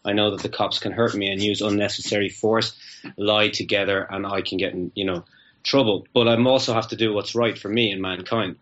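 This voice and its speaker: A man's voice: lowish voice, fairly even intonation, brisk, fairly bright tone, highs cut off. A man, a guest in an interview, telling a long story in a rambling way and often repeating his words. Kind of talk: casual anecdotal storytelling.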